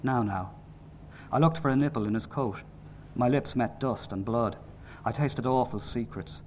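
A man reading a novel aloud in measured, sombre narration. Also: medium pitch, a little mellow, slight background noise. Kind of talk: audiobook narration.

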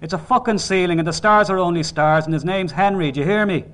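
A man's voice: on the high side, quick pace, pitched above the performer's own voice, close to an everyday voice. A man playing a grieving, angry father in an audiobook. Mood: furious shouting. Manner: pleading then shouting.

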